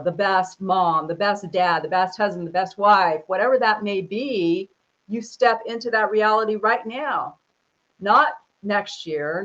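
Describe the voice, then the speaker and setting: A woman's voice: medium pitch, fairly bright tone. Enthusiastic female host, lo-fi sound. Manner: enthusiastic, affirming, chatty. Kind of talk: conversational interview. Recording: dull lo-fi sound.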